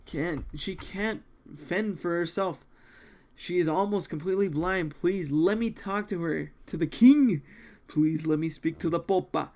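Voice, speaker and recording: A man's voice: sits high, unhurried, a little mellow. A man voicing a weary, proud exiled assassin in a manga read-along, speaking in a grave, formal way. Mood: pleading.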